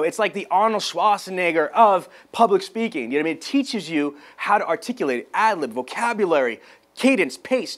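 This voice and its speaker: A man giving a motivational sales training talk, with a high-energy, hyped delivery and excited shouts.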